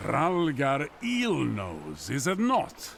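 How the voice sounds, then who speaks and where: A shrewd, sardonic game interrogator, gravelly and unhurried, with a lively rise and fall. Faint noise sits behind him. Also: male voice, medium pitch, full character voice. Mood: probing. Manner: slow, deliberate, probing.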